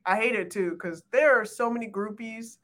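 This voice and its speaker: A woman's voice: a little high, a bit bright. A woman co-hosting a podcast, speaking bluntly and frankly in casual banter. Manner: blunt, frank, quick comebacks. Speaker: podcast co-host.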